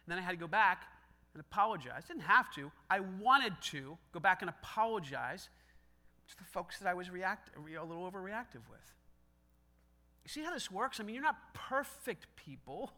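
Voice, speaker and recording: A man's voice: high-pitched, big pitch swings, normal speed, bright, forceful tone. A man preaching a sermon as pastor, in a conversational style that acts out quoted dialogue with self-deprecating humor.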